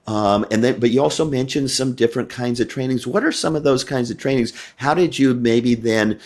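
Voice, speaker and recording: An older man hosts a podcast interview, asking long, rambling questions full of fillers and restarts. He has a medium-pitched voice and a brisk pace.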